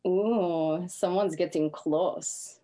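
A woman's voice: fairly low pitch, fairly even intonation, dark tone. A woman from northern England with a northern English accent, co-hosting a podcast in blunt, sardonic casual chat. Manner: blunt and sardonic, quick to dismiss places. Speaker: podcast co-host.

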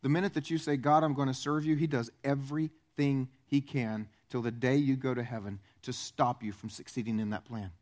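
A man pastor preaching a sermon, animated and acting out the voices he quotes. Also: medium pitch, a little fast, hardly any pauses.

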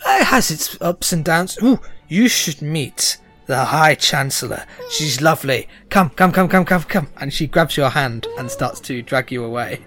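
A man's voice: medium pitch, animated, a little slow, few pauses, a bit bright, soft background music. A man running a tabletop game as game master, narrating in a chatty, loose way with many fillers.

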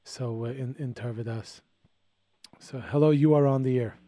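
A man hosting a call-in radio show, talking in a halting way with frequent restarts. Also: mid-range voice, fairly even intonation, warm tone, no echo.

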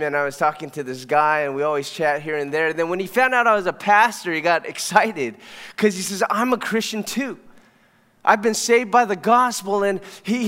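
A man preaching as pastor, telling stories in a casual, animated way. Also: on the high side, smooth. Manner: conversational storytelling, animated. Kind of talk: sermon. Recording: long hall reverb.

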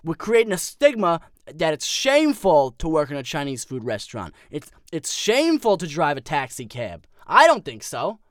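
A man's voice: fairly high pitch, wildly swooping pitch, normal speed, fairly bright tone, dry recording, clean studio sound. A man playing a blustery, easily worked-up political pundit who rants as co-host of a parody podcast. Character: blustery hot-headed male political pundit.

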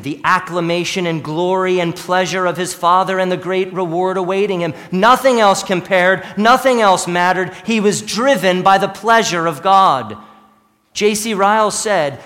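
A male pastor preaching a sermon, swinging between hushed lines and emphatic ones. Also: high-pitched, unhurried, big-room sound. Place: church sanctuary.

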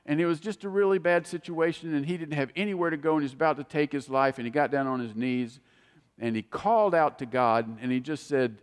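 A man preaching a sermon, telling stories with animated swings between soaring and hushed delivery. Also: a little high, fairly quick, in a large hall. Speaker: pastor.

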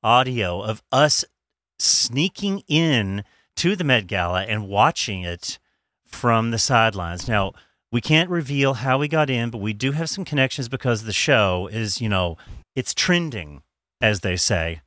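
Bright-voiced campy male podcast host. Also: mid-range voice, animated, a little slow, dry recording, clean studio sound. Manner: playful, campy, laughs often. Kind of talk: joking casual chat.

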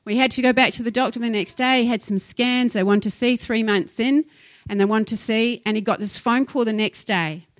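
A woman's voice: fairly high pitch, a little fast, dry recording. A woman pastor preaching a sermon, emphatic and impassioned, telling stories to her congregation.

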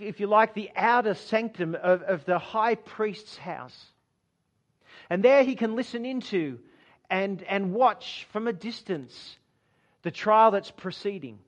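A man preaching a sermon, retelling a story dramatically, acting out quoted lines and dropping low and soft for emphasis.

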